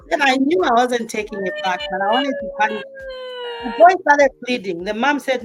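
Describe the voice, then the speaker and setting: A woman who grew up in Zambia, telling a family story on a talk show panel, acting out the quotes with sudden loud bursts. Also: a little high, expressive, moderate pace, over music. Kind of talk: casual storytelling.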